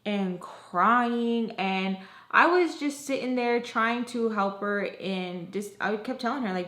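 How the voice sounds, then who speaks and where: A woman's voice: medium pitch, a little slow. A young woman tells a personal storytime to her viewers in a loose, chatty voice, leaning on "like" and "you guys" as she goes. She slips into the lines of the people in her story as she retells them. The room around her gives a noticeable echo. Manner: expressive, retelling scenes with quoted dialogue. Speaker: storytime vlogger. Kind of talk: casual storytime narration. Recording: roomy echo.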